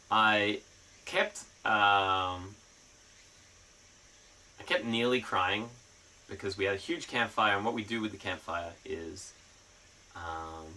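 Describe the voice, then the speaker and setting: A man's voice: fairly low pitch, bright, forceful tone, far from the mic, slight background noise, rough recording. A young man streaming a casual chat, rambling with lots of fillers and freely swearing.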